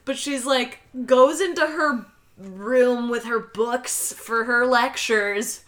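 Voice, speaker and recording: A young woman co-hosting a casual podcast, animatedly recapping a film plot and acting out the characters' lines in high, loud voices. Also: takes it slowly. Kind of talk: casual chat.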